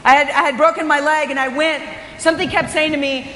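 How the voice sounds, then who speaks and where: Woman, motivational speaker, high voice, energetic and emphatic, long hall reverb. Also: fast talker, noisy background. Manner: energetic, emphatic, often raising her voice. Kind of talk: inspirational conference talk. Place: hotel conference hall. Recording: echoey hall recording.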